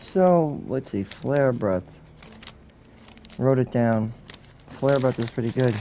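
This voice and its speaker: A man's voice: medium pitch, expressive, takes it slowly, mellow, slight background noise, poor audio. Profane joking male game streamer. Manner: profane, mock-ranting, joking. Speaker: gaming streamer. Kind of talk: casual game commentary.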